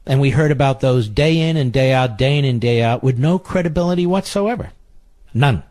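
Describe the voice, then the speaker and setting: A man's voice: mid-range voice, a little fast, a little mellow, no echo. A middle-aged man hosting political talk radio, indignant and repeating phrases for emphasis. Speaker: radio talk show host.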